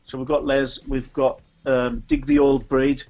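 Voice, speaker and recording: A man's voice: medium pitch, flat delivery, measured pace, darkish tone, highs cut off. A man with a North East English accent, raised in Scotland, chatting casually as a guest about a charity music event, rambling with many ums and restarts. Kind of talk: casual chat.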